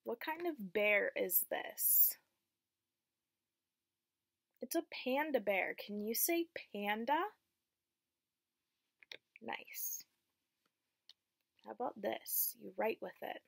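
Young woman teacher doing a phonics lesson for little kids, slow and patient, kinda high voice with a bit of fry. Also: lively intonation, no room sound, clean studio sound. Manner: slow, encouraging, call-and-response with children.

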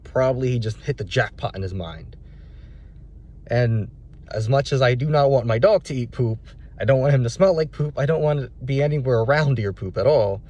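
A man's voice: medium pitch, a little mellow. A young adult man, a dog trainer, telling a story in a casual vlog, rambling and candid with many restarts.

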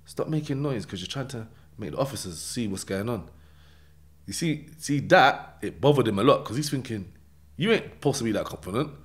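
Podcast guest, London accent, low-pitched man, lively storyteller who plays every part himself. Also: fast. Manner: animated retelling with acted-out dialogue and swearing. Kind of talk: casual interview storytelling.

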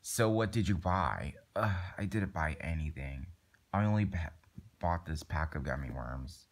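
A man's voice: extremely low pitch, animated, unhurried. A young man improvising a toy skit and doing all the voices, rambling with many fillers and restarts. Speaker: plush toy video maker.

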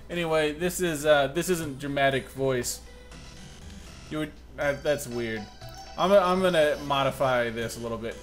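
A young man talks through a video game in a casual, joking commentary, often breaking into sudden loud yelps of alarm. His voice sits a little high, and faint background music plays underneath him. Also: moderate pace. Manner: excitable and self-mocking, jumps to loud outbursts. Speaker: gaming channel host.

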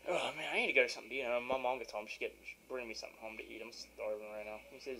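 A man's voice: on the low side, steady tone, quick pace, bright, forceful tone, slight background noise, poor audio. A young man giving casual, rambling commentary over his own gameplay at home, with easy irritation and sarcastic asides. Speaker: gaming video commentator. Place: at home by his game console.

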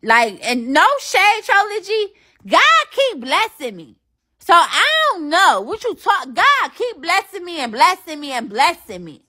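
Brash high-voiced woman livestreamer. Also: big pitch swings, unhurried, pushed and bright. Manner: brash, profane trash talk. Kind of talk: casual livestream chat with viewers.

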